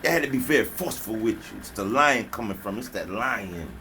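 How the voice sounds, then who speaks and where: A man preaching a forceful rant, scolding and taunting whoever is listening. His pitch swings widely as he hammers the same slogans again and again. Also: lively intonation, a little fast, slight background noise. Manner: repeats slogans, mocking laughter. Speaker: spiritual vlogger.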